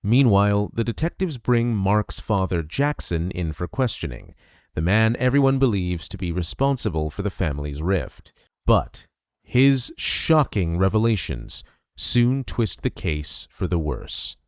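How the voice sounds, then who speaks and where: Low, lively male documentary narrator. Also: unhurried, dry recording, studio quality. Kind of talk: scripted narration.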